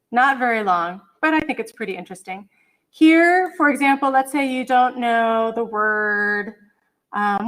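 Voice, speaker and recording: A middle-aged woman teaching an online college English class over a computer mic, chatty and apologetic, humming to herself as she hunts for files. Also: on the high side. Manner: chatty, apologetic, hums while searching. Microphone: computer mic on a video call.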